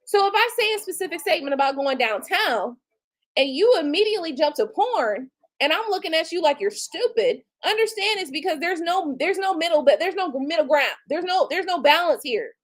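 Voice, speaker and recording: A woman in her forties speaks with a very high voice that leaps all over the place as she rants on her livestream. She is blunt and profane, with features, and she talks straight to her viewers in an animated, mocking way. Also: a little fast, rough recording. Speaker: tarot reader and livestream host. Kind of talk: casual livestream rant.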